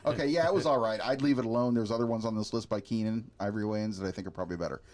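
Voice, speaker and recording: A man hosting a casual podcast chat, relaxed, laughing easily and repeating himself as he talks. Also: lowish voice, very fast. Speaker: podcast host.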